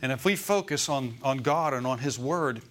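A man's voice: medium pitch, lively intonation, moderate pace, fairly bright tone. A male pastor preaching a Sunday sermon in a church, often calling out "Amen?" and "Okay?" to the congregation.

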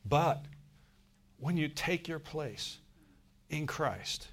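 Folksy pastor guy preaching, gets loud then drops real soft, talks right to the folks. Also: fairly high pitch, expressive, extremely slow. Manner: swings from loud emphatic bursts to soft murmured asides; folksy, talks straight to the congregation. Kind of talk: sermon.

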